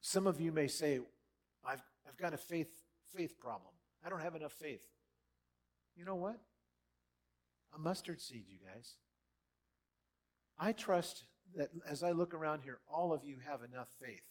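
A man preaching a sermon in a church hall, animated and dramatic, with big swings in loudness as he acts out quotes. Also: on the high side, measured pace, pauses often. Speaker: pastor.

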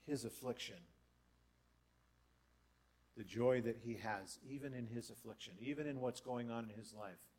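A man preaching a sermon as pastor, conversational with asides and rhetorical questions, his voice rising for emphasis. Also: darkish tone. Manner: lists in a lowering voice, rises for emphasis.

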